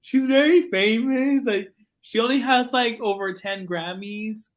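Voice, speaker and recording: A young man hosting a student podcast, telling stories in an excitable, gushing way. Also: extremely high pitch, a little slow. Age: young adult. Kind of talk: casual chat.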